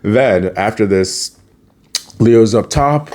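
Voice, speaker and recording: Young man, low voice, casual recap, rambling, laughs a lot. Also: takes it slowly, a little mellow. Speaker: youtuber recapping a cartoon episode.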